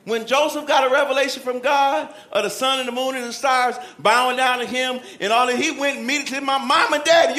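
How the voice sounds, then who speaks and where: A man preaching a sermon in a lively, animated way, shouting at times and dropping to a hush, acting out Bible figures. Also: very high-pitched, fairly quick, hardly any pauses, echoey room, crowd noise, background noise.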